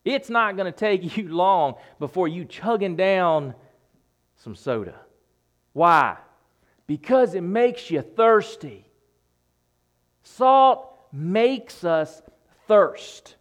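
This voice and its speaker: A man's voice: sits high, lively intonation, slow pace. A man preaching a sermon, emphatic, repeating phrases and dropping his voice for effect.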